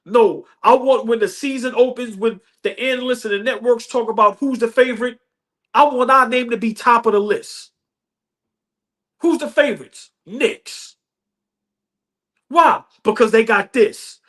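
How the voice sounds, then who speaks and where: A man's voice: very high-pitched, a bit bright. Male sports host, fan rant, emphatic and profane, hammers points with repetition. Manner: passionate, emphatic, repeats lines for effect; profane, slangy street talk. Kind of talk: fan rant about basketball.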